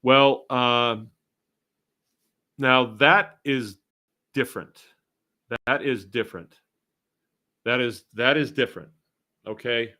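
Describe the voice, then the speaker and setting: A man's voice: medium pitch, slow pace, pauses often, sharp tone. A middle-aged man from Massachusetts hosting a casual live stream, reading viewer comments aloud and rambling along with chuckling asides. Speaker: host.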